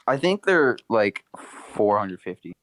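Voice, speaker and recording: A young man co-hosting a casual podcast, joking with a deadpan delivery. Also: fairly low pitch, measured pace, no room sound. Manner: deadpan, jokey. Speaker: podcast co-host. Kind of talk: casual chat.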